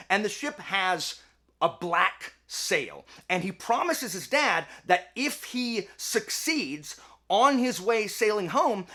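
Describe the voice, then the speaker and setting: Chatty guy telling old myths, high bright voice, jokes around a lot. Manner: chatty, jokey, many fillers. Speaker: host and storyteller. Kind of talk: casual myth retelling.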